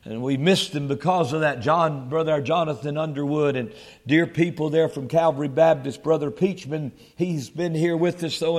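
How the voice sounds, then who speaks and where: A male preacher delivering a sermon, swelling into loud emphatic peaks and dropping to a low, quiet tone. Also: long reverb tail.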